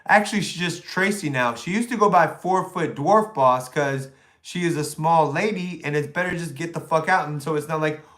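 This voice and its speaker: A man's voice: on the high side, moderate pace, a bit bright. A middle-aged man, ranting and taunting crudely as a livestream host. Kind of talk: profane livestream rant.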